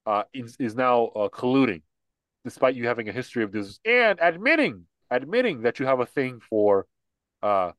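A man's voice: medium pitch, big pitch swings, moderate pace, fairly bright tone, no echo. A young man co-hosting a podcast, talking bluntly in casual political chat, full of restarts and fillers. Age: young adult. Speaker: podcast co-host.

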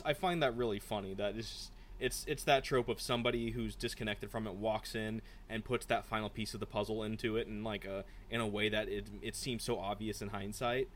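A man co-hosting a casual book podcast, rambling and animated, slipping into quick impressions of characters. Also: lowish voice, a little hiss or hum. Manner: rambling, animated, mimics characters mid-story. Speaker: podcast co-host.

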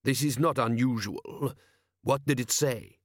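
A man reading an audiobook voices a calm, shrewd desert lord who asks dry, measured questions. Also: medium pitch, no echo, close to an everyday voice. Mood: cool.

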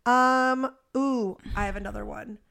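A woman's voice: on the high side, fairly even intonation, measured pace, vocal fry, a bit bright. A young woman co-hosting a podcast in casual chat, talking bluntly and frankly with a lot of swearing. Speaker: podcast co-host.

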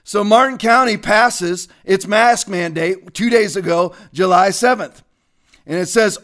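Fervent high-voiced man hosting a livestream. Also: unhurried, a bit bright. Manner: fervent, greets viewers by name. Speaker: livestream host. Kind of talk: religious political livestream talk.

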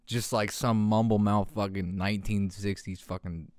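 A man's voice: fairly low pitch, level tone, moderate pace, a little mellow, clean tone, dry recording, studio quality. A young man hosting his own podcast, rambling in casual profane talk and laughing at his own jokes. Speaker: podcast host. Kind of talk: casual solo podcast rant.

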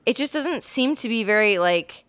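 A woman's voice: on the high side, normal speed, no room sound. A woman co-hosting a podcast, talking crudely and groping for words in casual chat. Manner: crude, searching for words, animated. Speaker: podcast co-host.

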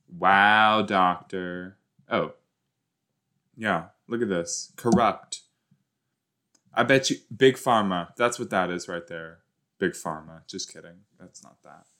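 A man's voice: deep voice, sharp tone. A man hosting a rewatch podcast, giving rambling, jokey reaction commentary that often trails off.

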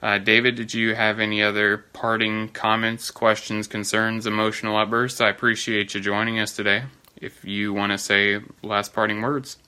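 Male podcast host with a low, even, crisp bright voice; steady teaching tone. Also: moderate pace. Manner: steady, instructive. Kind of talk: casual podcast talk.

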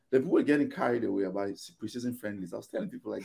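A man's voice: mid-range voice, racing, gravelly, few pauses. A man on a podcast panel in casual chat, ranting animatedly and acting out both sides of arguments. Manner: animated, exasperated ranting with quoted back-and-forth.

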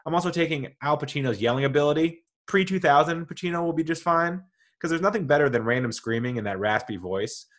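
A man's voice: fairly high pitch, fast, fairly bright tone. A man hosting a podcast, talking casually and enthusiastically, rambling and correcting himself as he goes. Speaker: podcast host. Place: home with dogs nearby.

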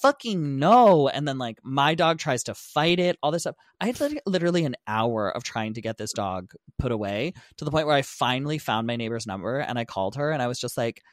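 A man's voice: medium pitch, brisk, hardly any pauses, dry recording, clean studio sound. A young man co-hosting a podcast, telling a story in casual chat, swearing freely and acting out the lines of the people in it. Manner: animated, swearing, acts out quotes. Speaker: podcast co-host.

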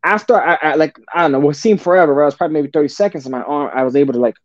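A man with a slightly high voice talks very fast with no echo, over dull lo-fi podcast audio. He's a podcast guest telling his story casually and profanely, often calling the listener "brother" and restarting his sentences.

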